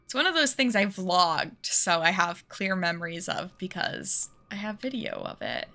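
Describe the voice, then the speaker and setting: A woman streamer chatting casually while she plays a game, talkative and self-mocking and quick to laugh. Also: on the low side, sing-song, gravelly, pushed and bright. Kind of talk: casual live-stream chat while gaming.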